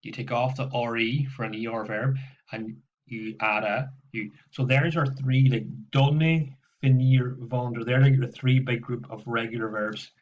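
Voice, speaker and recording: A man's voice: mid-range voice, steady tone, unhurried. A man teaching French, patiently walking students through exercises over a slightly dull laptop recording. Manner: explains patiently with frequent "okay" and repetitions. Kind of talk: recorded classroom lesson walkthrough. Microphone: laptop microphone.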